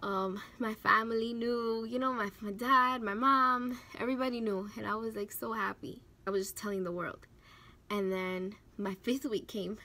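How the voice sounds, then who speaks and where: A young woman's fairly high voice moves at an ordinary pace as she vlogs a personal life story. She's animated and emotional, with plenty of "like" fillers and quotes she acts out.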